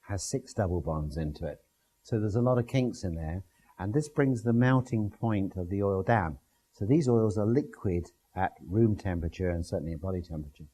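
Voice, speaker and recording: A man's voice: sits low, warm tone, husky, poor audio. A man giving a classroom lecture with slides, explaining step by step with everyday comparisons.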